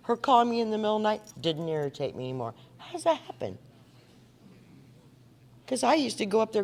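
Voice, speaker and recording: In a meeting hall, an Indiana woman gives a personal recovery talk to an audience, earnest and conversational, posing questions to listeners. Her fairly high, darkish voice swings widely in pitch and runs a little fast, with a little hiss or hum on the recording.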